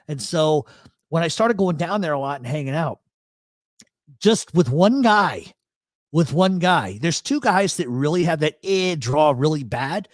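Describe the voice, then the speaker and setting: Man with a South Philly accent, higher voice, dry close sound, loose profane live-show host. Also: animated, unhurried, no room sound. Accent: South Philadelphia. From Rhode Island. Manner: rambling, profane, storytelling. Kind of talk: casual live talk show chat.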